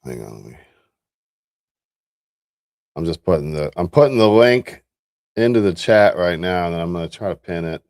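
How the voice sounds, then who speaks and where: A man's voice: deep voice, animated, normal speed, pauses often, a little mellow, no room sound, studio quality. A man hosting a livestream in casual chat, laid-back and talking through what he is doing. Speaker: livestream host.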